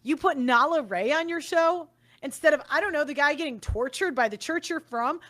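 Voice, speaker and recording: Young woman commentator, high bright voice, blunt and profane, angry monologue. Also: normal speed.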